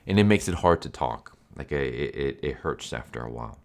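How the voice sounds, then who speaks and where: A man with an extremely deep voice, audibly congested from a sore throat. He talks through a casual comic book review in a rambling, easygoing way. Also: lively intonation, normal speed, vocal fry, a little mellow.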